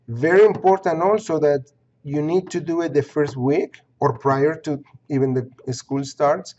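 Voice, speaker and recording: A man's voice: a little high, darkish tone, muffled recording. A man teaching an online course, walking students through its pages step by step, repeating points and checking in with "okay?". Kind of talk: screen-recorded course walkthrough.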